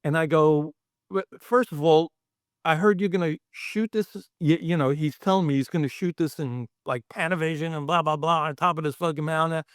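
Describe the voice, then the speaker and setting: A middle-aged man from Brooklyn, guest on a podcast, telling an animated, profane anecdote. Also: fairly high pitch, moderate pace, clean tone, no echo, clean studio sound. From Brooklyn, New York. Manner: animated, profane storyteller acting out quotes. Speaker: guest, special effects artist. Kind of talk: storytelling anecdote in a podcast interview.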